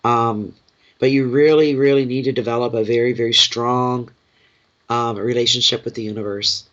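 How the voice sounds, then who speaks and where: A man giving a tarot card reading to his viewers, speaking in a gentle, reassuring and heartfelt way. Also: mid-range voice, steady tone, moderate pace, highs cut off. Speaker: tarot reader.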